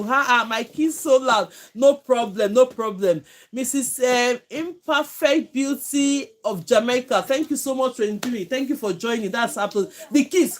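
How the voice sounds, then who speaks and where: A woman from Nigeria with a Nigerian accent, teaching hair braiding on a live stream from home, chatting and thanking viewers by name. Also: on the high side. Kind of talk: live-stream tutorial chat.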